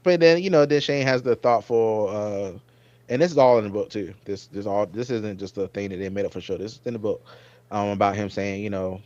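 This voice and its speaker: A man's voice: lowish voice, a little fast, a little mellow, dry recording. A man hosting a casual episode review chat, animatedly retelling scenes and acting out the characters' lines. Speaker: host. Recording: dull, dry lo-fi mic sound.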